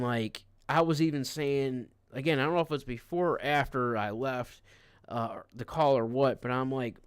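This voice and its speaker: A man's voice: mid-range voice, smooth, dry recording, clean studio sound. A man streaming live, telling a rambling, profane story in an irritated, casual way. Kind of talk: casual livestream rant.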